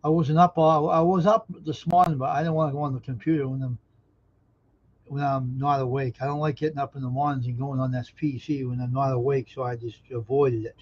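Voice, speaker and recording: A man's voice: medium pitch, steady tone, brisk, a little mellow. A man hosting a casual live stream from home, chatting with viewers, greeting them by name and grumbling and cursing at his earbuds and phone. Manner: grumbling, curses at his gear. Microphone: earbuds linked to phone. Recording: dull lo-fi stream audio.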